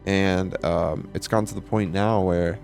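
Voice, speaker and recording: Young male vlogger, deep and creaky, candid casual monologue, faint music bed. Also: fairly even intonation, a little slow, darkish tone. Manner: candid, casual, swears often, many fillers. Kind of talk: personal reflective monologue.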